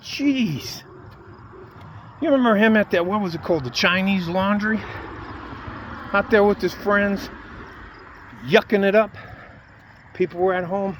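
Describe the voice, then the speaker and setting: A man from the United States rants into the camera, swearing freely and getting worked up as he goes. His voice sits a little higher than most men's. The delivery is blunt and confrontational, like someone venting to his followers. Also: unhurried, long pauses, a bit bright, slight background noise. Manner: profane, heated, ranting. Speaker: video blogger. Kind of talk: angry political rant to camera.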